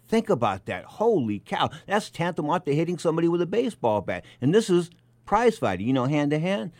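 A man's voice: fairly high pitch, big pitch swings, brisk, darkish tone, no echo. A man hosting a boxing talk show, telling a story with emphatic repetition and bursts of anger. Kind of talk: animated radio talk show monologue.

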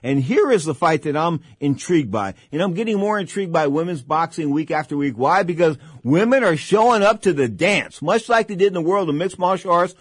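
Rambling boxing talk host, dry sound. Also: male voice, on the high side, lively intonation, a little fast, few pauses, husky, no room sound. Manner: rambling, repeats "bottom line" and "of course". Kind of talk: radio talk show chat.

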